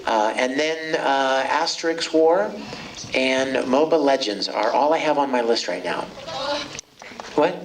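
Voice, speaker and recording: Speaking unhurriedly in a mid-range voice, a middle-aged man, a voice actor, banters with fans from a convention hall stage via handheld mic, full of jokes and animated storytelling. It's heard from afar in the crowd, with lots of hall noise.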